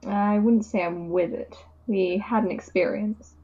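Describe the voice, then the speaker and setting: A woman playing an investigator in a tabletop game, questioning calmly and patiently. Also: mid-range voice, lo-fi sound. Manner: calm, measured, patient questioning. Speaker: player.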